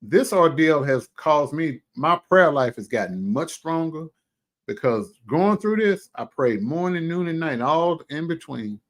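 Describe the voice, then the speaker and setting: A man hosting a casual livestream chat, animated and exclamatory, with folksy asides and many drawn-out hums between remarks. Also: a little high. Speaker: livestream host.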